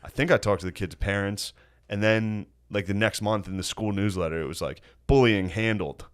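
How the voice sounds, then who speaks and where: A man with a lowish voice, chatting casually as a podcast host. He tells crude, rambling stories and laughs at his own jokes. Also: a little fast. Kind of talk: casual chat.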